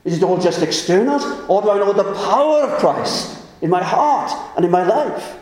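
A preacher delivers his sermon in a high yet mellow voice with lively intonation, urging his listeners with earnest urgency. When quoting scripture he slows right down. Heavy echo fills the hall around him.

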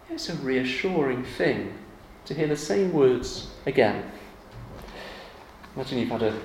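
A man in his forties gives a sermon, talking conversationally and then growing animated as he acts out little scenes. His voice sits a touch high for a man. The room is echoey, with a faint hum of ambient noise behind him. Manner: conversational, animated when acting out examples. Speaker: preacher.

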